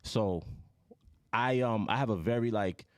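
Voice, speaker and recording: Laid-back low-voiced Jamaican-born man. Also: a little slow, clear, resonant tone, no echo, clean studio sound. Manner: laid-back, says "you know" a lot. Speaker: guest musician. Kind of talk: casual chat.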